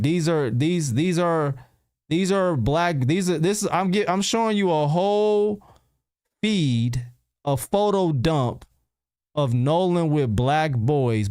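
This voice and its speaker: A man's voice: a little high, darkish tone, clear, resonant tone, no echo, clean studio sound. A man hosting a casual livestream, answering his chat in loose, slangy talk and repeating rhetorical questions. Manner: repeats himself and fires rhetorical questions at viewers.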